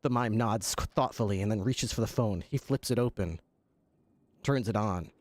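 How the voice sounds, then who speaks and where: A man narrating a role-play scene as game master, halting and restarting as he describes the action. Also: lowish voice, no echo.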